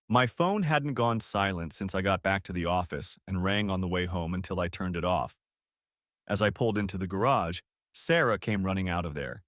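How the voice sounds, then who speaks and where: Expressive male audiobook narrator. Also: low-pitched, normal speed, no room sound, studio quality. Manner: dramatic, emotional storytelling. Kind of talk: first-person audiobook narration.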